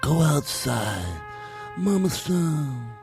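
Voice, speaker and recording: A man voicing a slow-talking male mob boss who gives absurd orders with mock menace, over music. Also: on the high side, very animated, vocal fry, full character voice. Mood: mock menacing. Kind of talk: comedy podcast bit. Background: music playing.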